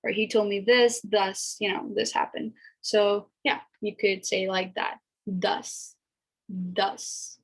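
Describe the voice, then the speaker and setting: A woman giving a casual spoken language lesson, chatty and repeating each sound slowly for learners to copy. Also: mid-range voice, steady tone, creaky, poor audio. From America. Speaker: language teacher.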